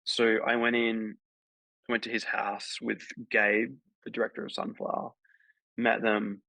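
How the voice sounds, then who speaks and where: A man, an actor guest on a podcast, tells a long, rambling anecdote full of fillers in a casual interview. His gravelly low voice has little pitch movement, a measured pace, and a bright, forceful tone. The recording is dull, dry, and lo-fi, with no room sound.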